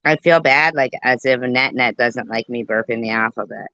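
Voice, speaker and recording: A woman's voice: a bass voice, normal speed, sharp tone, no echo. A woman hosting a casual live-stream commentary, joking crudely and swearing freely. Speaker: commentary host. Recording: dull muffled dry sound.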